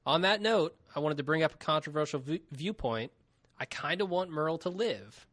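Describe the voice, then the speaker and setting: A man's voice: fairly high pitch, expressive, normal speed, a bit bright, no echo. A man co-hosting a podcast, reading listener emails aloud in a casual chat and laughing often.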